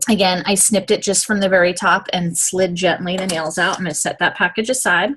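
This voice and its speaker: A woman's voice: fairly low pitch, steady tone, brisk, fairly bright tone, slight background noise. Chatty woman demonstrating nails. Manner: chatty, step-by-step instructions with frequent "okay?" check-ins. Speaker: nail product demonstrator. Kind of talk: casual how-to demonstration.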